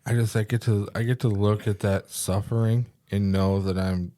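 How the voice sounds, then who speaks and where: A man's voice: on the low side, steady tone, moderate pace, mellow. A man co-hosting a casual podcast, talking in a laid-back way with dry jokes, recorded in an office at his workplace. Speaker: podcast co-host and peer recovery coach. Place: office in their workplace building.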